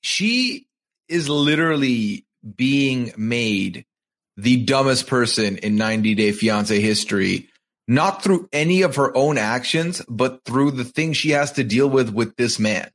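Lively man recapping with emphatic outrage. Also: mid-range voice, a little slow. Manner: recaps events, then editorializes with emphatic outrage. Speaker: podcast co-host. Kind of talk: casual reality-show recap chat. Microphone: video call.

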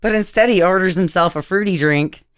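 A woman's voice: lowish voice, brisk, clear, resonant tone, dry recording. Giggly joking woman, dry sound. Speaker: podcast guest. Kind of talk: casual comedic movie chat.

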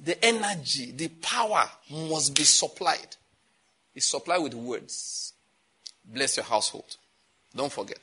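Bright husky Nigerian preacher. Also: male voice, fairly high pitch, a little slow. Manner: animated preaching, laughing at his own jokes, calls for congregation responses. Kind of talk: sermon.

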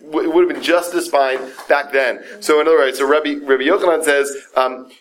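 A slightly high, brisk male voice, with a little hiss or hum on the recording, tells a Talmud story in a casual class setting. He acts out the quoted speakers with energy and peppers his speech with fillers and "right?"

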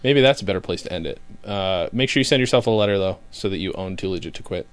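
A man's voice: sits low, animated, quick pace, smooth. A man co-hosting a casual podcast, joking around, swearing freely and laughing often. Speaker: podcast co-host. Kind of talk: casual chat. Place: home room.

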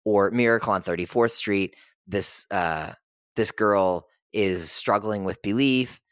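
A man with a fairly low voice talks in easy podcast chat and gets animated as he retells scenes. He jumps into quick voices for the characters he quotes. The sound is dry and close, with no room around it. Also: clean tone, dry recording. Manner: animated storytelling, acts out characters' lines. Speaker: podcast host. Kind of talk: casual chat.

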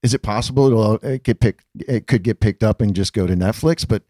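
A man's voice: on the low side, a little fast, dark tone, no echo. A man co-hosting a podcast, asking questions with enthusiasm and lots of praise. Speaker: podcast co-host. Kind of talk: casual podcast interview.

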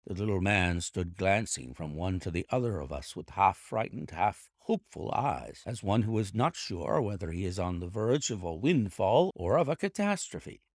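A man reading a classic detective story aloud as an audiobook narrator, with lively storytelling. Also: sits low, normal speed, few pauses, no echo, clean studio sound. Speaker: audiobook reader. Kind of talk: scripted narration.

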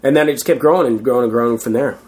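A man's voice: mid-range voice, rapid-fire, darkish tone. A Canadian man, a street performer, telling rambling, self-deprecating stories full of fillers in a casual interview.

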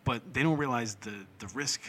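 A man with a New England accent hosting a casual interview, firing off energetic questions full of "like". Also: mid-range voice, moderate pace, a little hiss or hum. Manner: energetic, filler-heavy questions with "like". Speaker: interview host, business owner.

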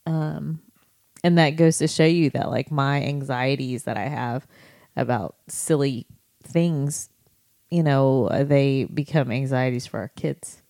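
A woman with a low, mellow voice co-hosts a casual faith podcast, telling stories and circling back with fillers and restarts. Her voice sits in her thirties and is recorded close and dry. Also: unhurried, no room sound. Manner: storytelling, many fillers and restarts. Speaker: podcast co-host.

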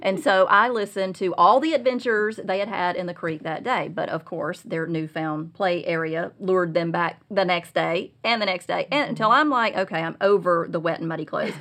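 A middle-aged woman telling a personal parenting story as a guest, earnest and confessional, growing animated when she retells scenes. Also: lowish voice, normal speed, few pauses. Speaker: guest speaker on Christian parenting.

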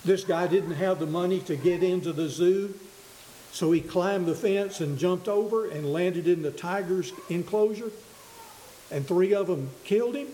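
A man preaching a sermon in an earnest, halting way, often restarting his words, in a church hall. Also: high voice, dark tone. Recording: echoey room with faint hiss.

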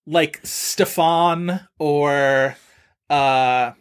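A man co-hosting a casual film chat who meanders through his thoughts, padding them with filler words. His voice sits a little high for a man. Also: very slow, clear, resonant tone. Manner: rambling, lots of filler words. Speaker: podcast co-host.

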